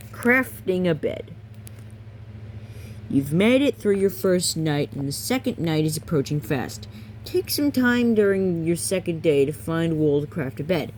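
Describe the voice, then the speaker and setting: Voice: medium pitch, darkish tone, slight background noise. A reader casually reading a game guidebook aloud, stumbling, correcting themselves and adding chatty asides.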